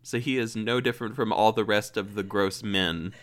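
A man's voice: fairly low pitch, steady tone, normal speed, fairly bright tone. A man co-hosting a casual book review podcast, dry and sarcastic, acting out lines from the characters. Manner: dry, sarcastic, quoting characters in silly voices. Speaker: podcast co-host.

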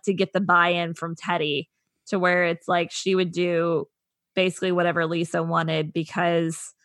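A woman's voice: fairly low pitch, a bit bright, no echo. A young woman co-hosting a podcast, giving thoughtful casual commentary with plenty of "I mean" and "like". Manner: thoughtful, reflective commentary with hedging fillers. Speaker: podcast co-host. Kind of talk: casual chat.

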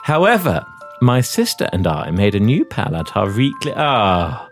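A man reading a listener's letter on a comedy podcast, his pitch swooping up and down as he talks. He keeps dissolving into giggles between phrases. Faint music sits low behind his voice. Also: wildly swooping pitch, measured pace. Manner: giggly, breaks into laughter while reading aloud. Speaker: podcast co-host.

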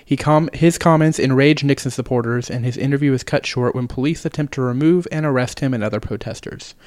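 A young man co-hosting a movie podcast, reading a plot summary in a steady way. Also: medium pitch, fairly quick, no echo. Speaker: podcast co-host.

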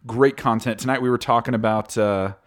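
Male podcast host, chatty and jokey, quick to laugh. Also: medium pitch, steady tone. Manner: jokey, laughs often while reading aloud. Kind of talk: casual podcast chat.

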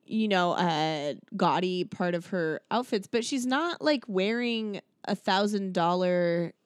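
A woman's voice: fairly low pitch, lively intonation, takes it slowly, smooth, no echo, clean studio sound. A woman co-hosting a podcast, chatting casually about a movie with lots of fillers and easy laughs. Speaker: podcast co-host. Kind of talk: casual chat reviewing a movie.

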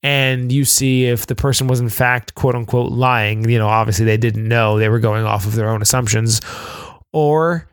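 A man co-hosting a casual podcast, walking through game rules at a middling pitch. He rambles and keeps restarting his sentences, filling gaps with little filler words. His voice sounds dry and close to the mic, with no room echo. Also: steady tone, normal speed, clean tone. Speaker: podcast co-host.

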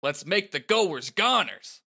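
A man reading the lines of a worn-out veteran team captain who is rallying his teammates. The voice is bright and a little raised in pitch, with a sincere, pep-talk push. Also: sing-song, slow pace, creaky, slightly rough, full character voice. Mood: earnest. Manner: earnest pep-talk delivery. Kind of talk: playful reading of game dialogue.

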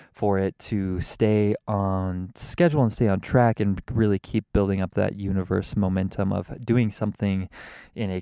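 A man hosting a podcast from inside his car, rambling and wordy in a casual monologue, mocking himself and now and then leaping into a theatrical high voice. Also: creaky, mellow, dry recording. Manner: rambling, wordy and self-mocking, with sudden theatrical jumps in pitch. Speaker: podcast host. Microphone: podcast microphone.

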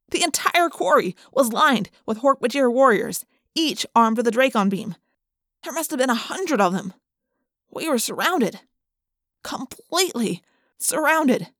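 A woman's voice: sits high, animated, a little slow, fairly bright tone, no room sound, studio quality. A woman narrating a children's adventure book in the first person, reading with dramatic expression. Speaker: audiobook narrator.

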